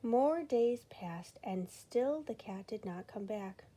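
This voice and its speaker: A woman reading a children's storybook aloud with expressive storytelling emphasis. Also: fairly high pitch, slow, slight background noise. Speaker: storybook reader.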